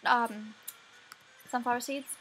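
A woman's voice: on the high side, steady tone, slow, fairly bright tone, slight background noise, rough recording. A young woman casually commenting on her gameplay, talking to herself and yawning now and then. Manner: chatty, talks to herself while playing. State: sleepy, yawning. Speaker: let's play gamer. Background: faint game music.

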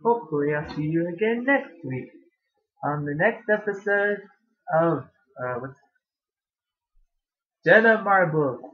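A man's voice: a little high, lively intonation, unhurried, pauses often, husky, highs cut off. A young man in a casual vlog at home, rambling and sarcastic about college, laughing often, recorded on a webcam. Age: young adult. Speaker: vlogger.

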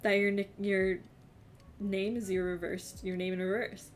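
A woman's voice: medium pitch, level tone, a little slow, soft background music. A young woman from New Jersey with a slight New Jersey accent, chatting casually with her stream chat, giggly and self-deprecating.

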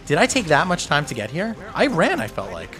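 A man giving panicky, excitable commentary while playing a video game, talking to himself and cheering out loud. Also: a little high, a little fast, over music. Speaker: gameplay streamer. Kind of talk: live gameplay commentary.

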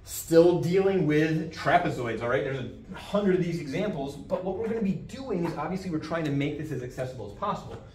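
A man with a voice on the high side, a little mellow, teaches a geometry class briskly with lively intonation and few pauses. The math teacher repeats key terms and asks "all right?" along the way. The sound is roomy and distant, with faint background noise.

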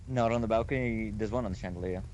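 A man's voice: lowish voice, fast, darkish tone, muffled recording, slight background noise. A man in casual voice chat during a co-op game, laid-back with short replies. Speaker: co-op player.

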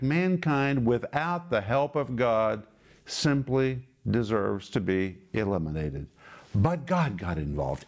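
A man delivers a televised Bible teaching in a mid-pitched voice. He speaks emphatically and stretches out the key words as he explains Greek terms. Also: darkish tone. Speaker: pastor.

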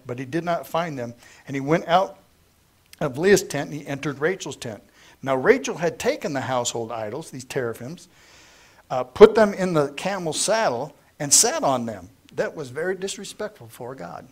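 A middle-aged man teaching through the Bible verse by verse, reading scripture aloud and then retelling it in plain, lively everyday talk. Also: fairly high pitch.

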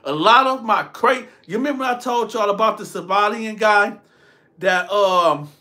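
High, bright-voiced man telling a story. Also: normal speed. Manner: animated, addresses viewers directly. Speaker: storytelling vlogger. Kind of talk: casual storytime.

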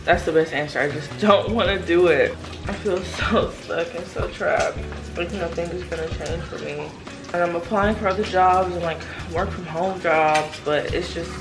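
A woman's voice: deep voice, rough recording. Tired young woman vlogging, rambling. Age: young adult. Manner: rambling and candid, with many "like" fillers. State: tired and yawning. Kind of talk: casual talk to camera.

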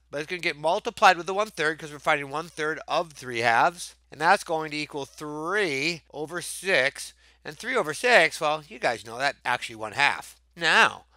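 A man's voice: a little high, dry recording. A man teaching a math lesson on video, thinking aloud and asking his viewers rhetorical questions. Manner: animated, thinks aloud, exclaims over answers.

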